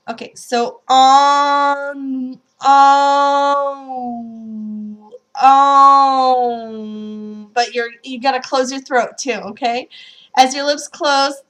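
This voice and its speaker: A woman leads a pronunciation lesson, speaking slowly in a slightly high voice. She models each sound and repeats drill words so listeners can copy her. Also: fairly bright tone. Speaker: French pronunciation teacher. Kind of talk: language lesson.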